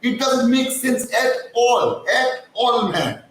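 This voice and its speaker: A man rants through a live-stream fan commentary in a fairly high voice, swearing and then apologizing for his heat. He sounds set back from the mic in a very echoey space with a faint hiss underneath. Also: lively intonation, slow pace, fairly bright tone, distant mic. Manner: heated, ranting, swears, apologizes for getting hyper. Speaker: fan channel host.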